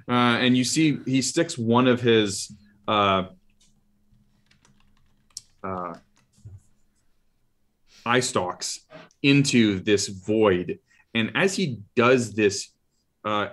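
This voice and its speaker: A man narrating as dungeon master of a tabletop game, describing scenes in a halting way full of fillers and restarts. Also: on the low side, lively intonation, fairly bright tone.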